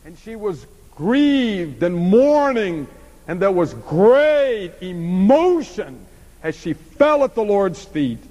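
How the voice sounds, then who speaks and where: A man preaching an expository sermon, swinging from emphatic passages to hushed ones. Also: sits high, in a large hall, low-quality recording.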